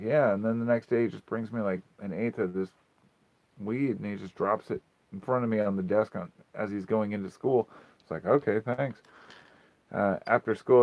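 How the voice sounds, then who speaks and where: A man's voice: lowish voice, vocal fry, no echo. A man hosting a casual livestream from his phone, telling long rambling stories with plenty of swearing. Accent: US Pacific Northwest. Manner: rambling storytelling, frequent swearing. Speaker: livestream host. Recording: dull lo-fi phone audio.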